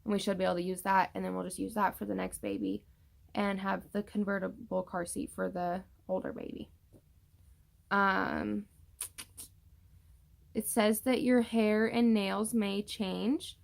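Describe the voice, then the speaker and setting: A woman's voice: mid-range voice, level tone, a little slow, gravelly. A young woman casually chatting through a pregnancy update vlog, rambling with many fillers and tired from yawning. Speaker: vlogger.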